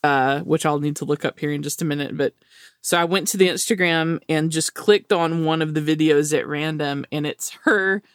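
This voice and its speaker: Animated, laughing woman podcast co-host. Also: low-pitched, moderate pace, smooth, no room sound, clean studio sound. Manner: animated storyteller, laughs often. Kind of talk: casual chat.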